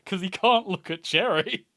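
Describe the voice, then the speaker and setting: A man's voice: high-pitched, fairly bright tone. A man narrating as game master of a tabletop game, wry and often laughing.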